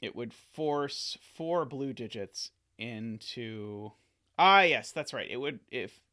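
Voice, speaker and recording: A man's voice: mid-range voice, expressive, slow, sharp tone. A man solving a sudoku live on stream, thinking aloud, often correcting himself and adding playful asides to his viewers.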